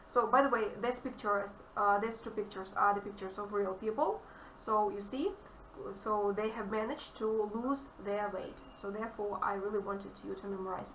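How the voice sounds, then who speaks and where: A woman English teacher with a Russian accent, explaining grammar to a student in an animated, emphatic way. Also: mid-range voice. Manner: animated, emphatic, repeats key phrases. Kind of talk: online grammar lesson. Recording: echoey room, distant mic, faint noise.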